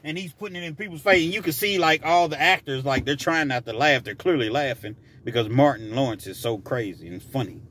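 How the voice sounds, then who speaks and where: A man's voice: medium pitch, a little fast, hardly any pauses, a little hiss or hum. A man telling a personal story casually, acting out scenes as he goes. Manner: animated, acts out scenes.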